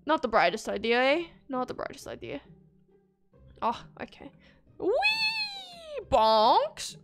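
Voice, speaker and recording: A woman giving excitable commentary while playing a video game, gasping and squealing at every obstacle. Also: on the high side, normal speed, loud music behind the voice. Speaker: gaming video creator. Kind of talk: playthrough commentary.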